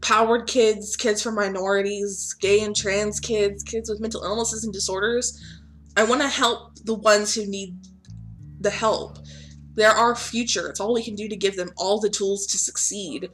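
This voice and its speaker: A woman's voice: medium pitch, fairly even intonation, normal speed, fairly bright tone, faint music behind, close to an everyday voice. A woman voicing an earnest, weary, motherly woman who runs a center for at-risk kids. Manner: earnest, plain-spoken, a little weary.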